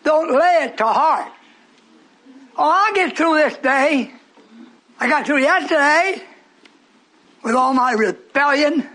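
A man in his eighties preaching a sermon, scolding and rambling, breaking into shouts at his congregation. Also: extremely high pitch, takes it slowly, pauses often. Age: 80s. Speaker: pastor.

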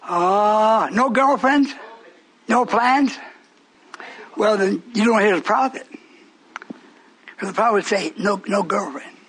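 A man's voice: high voice, takes it slowly, pauses often, a bit bright. A man preaching a sermon to a live congregation, teasing and questioning them in call-and-response. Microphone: broadcast on shortwave radio.

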